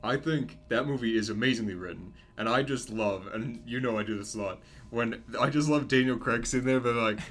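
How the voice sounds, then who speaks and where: A man's voice: medium pitch, fairly quick, few pauses. A man from the Boston area co-hosting a podcast, talking casually and animatedly about movies, laughing often. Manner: animated, laughs often, acts out film lines. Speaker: podcast co-host. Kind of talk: casual chat.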